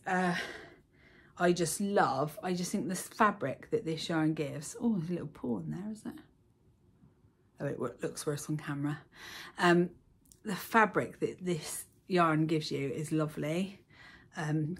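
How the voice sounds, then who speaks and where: Chatty, gushing woman. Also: lowish voice. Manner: chatty, gushing, with frequent ums. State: out of breath. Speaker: knitting vlogger. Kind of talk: casual chat. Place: baby's room at home.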